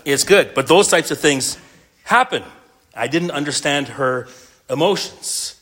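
A man's voice: fairly high pitch, animated, a little slow, a bit bright. A middle-aged male pastor delivering a sermon to men, earnest and mixing in a humorous personal story.

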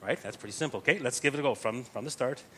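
A man's voice: medium pitch, very fast, bright, forceful tone, a little hiss or hum. A man teaching Gregorian chant to a group, explaining patiently step by step and often checking in with "right?".

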